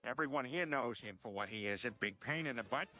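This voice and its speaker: A man's voice: medium pitch, expressive, a little fast, pushed and bright, soft background music. A synthetic man's voice playing an easygoing, bumbling middle-aged cartoon dad who stumbles and repeats himself. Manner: stumbling, repetitive phrasing.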